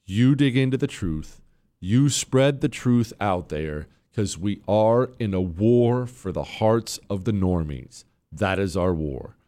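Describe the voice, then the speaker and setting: A man's voice: mid-range voice, a little mellow, clean tone. Brash, sarcastic male radio host. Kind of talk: talk radio monologue.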